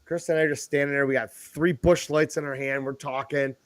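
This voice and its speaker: Man in his 50s, podcast co-host, high lively voice, dry close sound, rambling and crude. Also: fairly quick, no room sound. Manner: rambling storyteller, swears freely. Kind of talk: casual chat.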